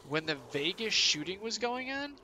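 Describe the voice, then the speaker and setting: A man's voice: high voice, very animated, normal speed, sharp tone, slight background noise. A young man streaming a game, chatting casually in a rambling, profane, incredulous way. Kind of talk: casual chat while gaming.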